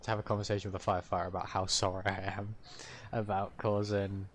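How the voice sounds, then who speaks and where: Male streamer, low voice, loose chatty role-play banter, faint background noise. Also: flat delivery, fast. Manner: chatty and rambling, laughs often. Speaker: streamer playing an online role-play game. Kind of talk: casual in-game role-play chat.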